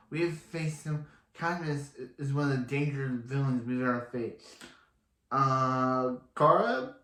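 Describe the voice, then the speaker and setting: A man's voice: mid-range voice, a bit bright, roomy sound. A man casually recapping a TV episode, rambling and often restarting his sentences. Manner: rambling, repeats and restarts himself. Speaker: TV episode reviewer.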